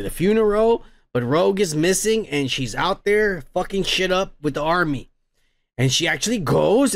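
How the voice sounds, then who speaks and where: A man with a high voice hosts a comedy podcast. He recaps an episode in loose, rambling talk full of cursing and stumbles. The sound is dry and close, with no room echo. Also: creaky. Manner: rambling, swears constantly, restarts often. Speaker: podcast host. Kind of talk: casual profane recap.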